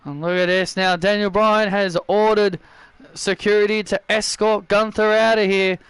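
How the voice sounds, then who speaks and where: A man giving excitable play-by-play commentary on a wrestling video game, often repeating himself. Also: sits high, moderate pace, smooth, no room sound.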